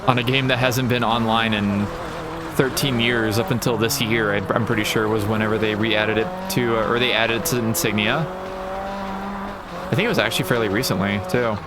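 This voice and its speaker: A man's voice: fairly low pitch, flat delivery, a little fast, very noisy. A man giving casual, rambling commentary on a game playthrough, thinking aloud with wry asides. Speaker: gaming channel host. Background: racing game sounds and music.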